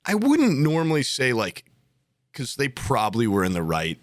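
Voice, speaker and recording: A man's voice: mid-range voice, huge pitch swings, normal speed, dry recording, studio quality. A man in his twenties telling a long, rambling story on a casual podcast, full of fillers and acted-out quotes. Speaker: podcast co-host.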